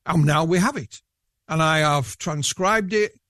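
Yorkshire-accented male guest, fairly high, rambling and dry. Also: measured pace, sharp tone, dry recording. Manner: rambling, with many restarts. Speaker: guest researcher. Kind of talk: casual interview chat.

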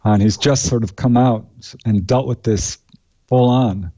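A man being interviewed as an author, recounting the cases he researched in a steady, matter-of-fact way with many "uh" fillers. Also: mid-range voice, measured pace, lo-fi sound. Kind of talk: conversational interview.

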